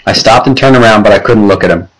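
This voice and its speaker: A male audiobook narrator with a low voice, reading at an unhurried, measured pace. His delivery stays even and steady through the telling. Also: slightly rough, low-quality recording.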